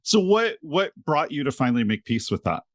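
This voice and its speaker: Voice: mid-range voice, very animated, a little fast, no echo, studio quality. A podcast host asking short interview questions and giving brief replies. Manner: brief back-channel replies.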